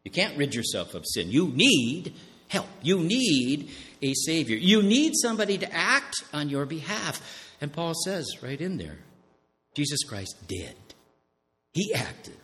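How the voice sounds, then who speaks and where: A male pastor delivers a sermon in an unhurried, deliberate cadence, his pitch rising and plunging dramatically from phrase to phrase. He poses questions to the congregation and answers them himself, stretching out the words he wants to land. His voice carries a long reverb, as in a church sanctuary. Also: very animated, a bit bright. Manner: slows down and stresses key words.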